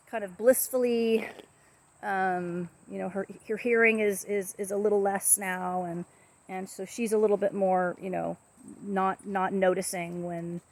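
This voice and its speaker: A woman casually talking to camera about her pet parrot, rambling softly with many fillers and restarts. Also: mid-range voice.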